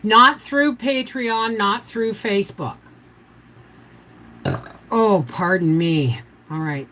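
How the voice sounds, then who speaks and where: In a rough recording with a little hiss or hum, an older woman rambles chattily on a casual homestead livestream, giving step-by-step canning instructions. Her voice is lowish with a fairly bright tone.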